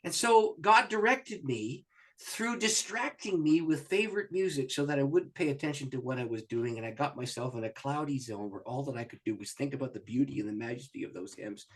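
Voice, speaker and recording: A man, a pastor, telling a story in an interview with lively, acted-out voices. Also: mid-range voice, brisk. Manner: animated storyteller who acts out voices and laughs often.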